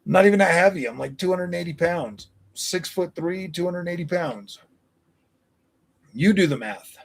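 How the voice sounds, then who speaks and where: Forties male streamer, gravelly and slightly high, blunt and profane with chat. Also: lively intonation, moderate pace. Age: 40s. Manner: blunt, combative, profane banter. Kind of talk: live stream chat, answering viewers.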